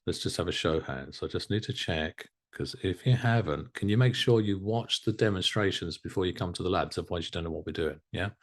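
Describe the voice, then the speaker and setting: Animated male hypnotherapy instructor. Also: sits low. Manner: animated, encouraging, laughs often. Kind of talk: live online class teaching.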